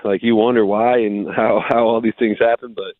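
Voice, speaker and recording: Man, former football player, radio guest, laid-back and upbeat, lowish voice, tinny dry phone line. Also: flat delivery, normal speed, no room sound. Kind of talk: casual radio interview. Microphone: phone call-in.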